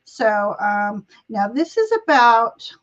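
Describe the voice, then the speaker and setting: A woman's voice: on the high side, animated, takes it slowly, highs cut off. A woman hosting a live tarot reading over a video call, talking in a chatty, giggly, meandering way. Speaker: tarot reader and show host.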